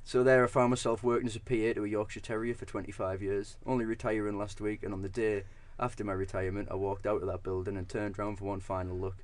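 A young man co-hosting a podcast, telling an absurd story in a deadpan way with halting restarts. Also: fairly low pitch. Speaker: podcast co-host.

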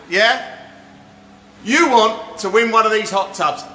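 A man hosting a hot tub giveaway livestream, hyping up his viewers with a pushy sales pitch and constantly asking "yeah?". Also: slow, bright, forceful tone. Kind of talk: live-stream sales pitch. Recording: echoey room with music behind.

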